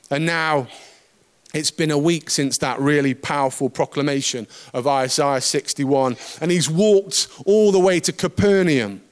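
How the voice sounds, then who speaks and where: A male preacher with a notably high voice gives a sermon in a relaxed, conversational way. He mixes teaching with light humorous asides and lively emphasis.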